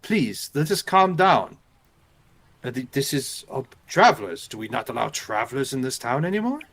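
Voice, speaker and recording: A man voicing a stout green-skinned guard captain who booms out anxious questions. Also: sing-song, normal speed, creaky, a bit bright, heavily acted. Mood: flustered. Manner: booming, flustered questions.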